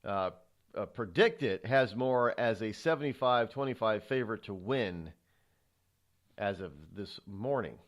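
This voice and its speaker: A male talk show host giving political commentary, halting often with restarts and sighs. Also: fairly low pitch, animated.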